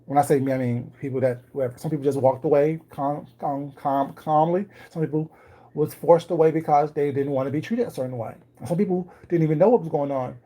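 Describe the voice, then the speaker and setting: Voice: mid-range voice, fairly quick, dark tone. A livestream host chatting casually with viewers from a home kitchen, greeting people by name and speaking in a wry, ironic way. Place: home kitchen while baking.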